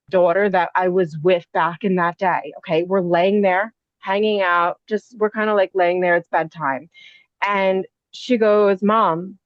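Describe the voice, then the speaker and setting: A woman's voice: medium pitch, dry recording. Woman in her 30s rambling through a spooky story, lots of likes and asides, dull muffled sound, dead dry. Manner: animated, rapid asides with many fillers. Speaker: podcast guest. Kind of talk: casual storytelling.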